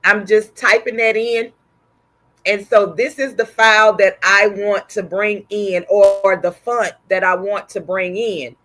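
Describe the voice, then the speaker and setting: A woman's voice: mid-range voice, steady tone, a little slow, fairly bright tone. A woman with a Texas accent and a sore throat, hosting a casual embroidery livestream and chatting with viewers by name.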